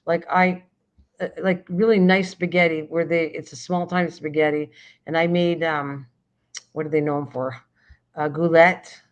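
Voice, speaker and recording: A woman's voice: deep voice, fairly even intonation, moderate pace. An older woman hosting a casual late-night chat, rambling and often restarting sentences while she searches for words. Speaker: livestream host. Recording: dull lo-fi stream audio.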